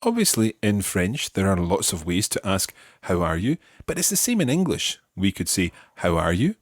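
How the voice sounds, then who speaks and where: A man guides listeners through a beginner language lesson, speaking patiently and clearly. His lowish voice moves lively through its range, with a slightly husky edge on a dry, close studio mic. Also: normal speed, no room sound. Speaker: language teacher.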